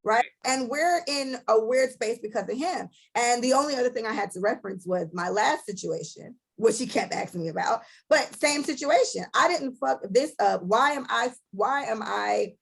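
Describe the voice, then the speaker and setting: A woman's voice: fairly high pitch, moderate pace, vocal fry, low-quality recording. A young woman co-hosting a casual podcast, telling a story bluntly and profanely and acting out both sides of an argument. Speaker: podcast co-host.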